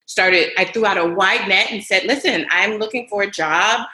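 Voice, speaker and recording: Bright-voiced animated woman in an echoey room. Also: medium pitch, normal speed. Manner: animated, acts out quoted voices. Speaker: podcast guest. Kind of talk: casual storytelling. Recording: roomy echo.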